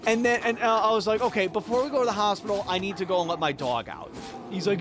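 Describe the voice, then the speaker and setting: A young man streaming a game while telling a profane, animated story and acting out the people in it. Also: high-pitched, fast, slight background noise. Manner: profane, animated, acts out quotes. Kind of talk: casual storytelling while gaming.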